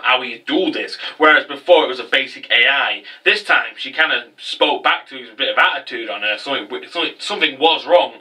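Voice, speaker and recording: A man casually recapping an anime episode in a chatty, sweary, animated way. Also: mid-range voice, distant mic, poor audio.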